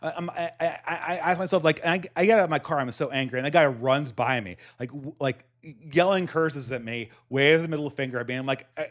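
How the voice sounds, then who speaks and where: Brief: Californian-accented male podcast host, slight lisp, higher-pitched voice, rambling anecdotal chat. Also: fairly quick. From United States. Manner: rambling storytelling with many restarts and frequent laughs. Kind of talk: casual chat.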